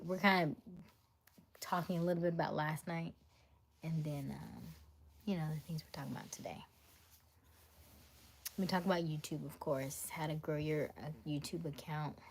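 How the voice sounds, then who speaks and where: A woman's voice: low voice, a little slow, long pauses, slightly rough. An American woman hosting a casual live stream, chatting and reading viewer comments aloud, often laughing and dropping to a half-whisper. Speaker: livestream host.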